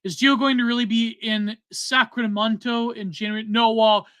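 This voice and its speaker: Rambling man with a bright voice. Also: very high voice, flat delivery, normal speed, clear, resonant tone, no room sound. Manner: rambling, filler-heavy, trailing off. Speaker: podcast host reading donations. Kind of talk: casual chat.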